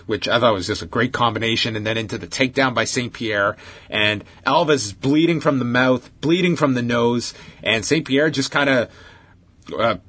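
Husky man recapping a fight. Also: mid-range voice, a bit bright. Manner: detailed, conversational, frequent fillers. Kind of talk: casual sports chat, recapping an old fight.

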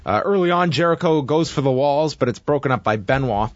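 A man casually recapping a wrestling match play by play, with steady narration and frequent fillers. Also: medium pitch, brisk, dry recording, highs cut off.

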